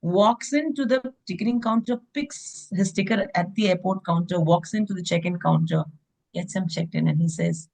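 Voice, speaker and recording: A woman's voice: fairly low pitch, moderate pace, vocal fry, darkish tone, rough recording. Woman telling anecdotes. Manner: anecdotal, with fillers like "I mean" and "you know". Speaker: behavioral trainer and former airline staff. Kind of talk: interview conversation.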